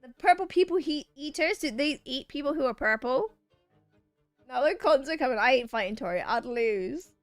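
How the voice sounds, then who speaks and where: A woman with a high, bright-pitched voice chats with her viewers while she plays a game. She reads their messages aloud and teases them back. The sound is dry and close, with faint game music behind her. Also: lively intonation, moderate pace, dry recording. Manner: playful, chatty, reads chat messages aloud and banters back. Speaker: streamer playing a video game. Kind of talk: casual chat with a live chat while gaming.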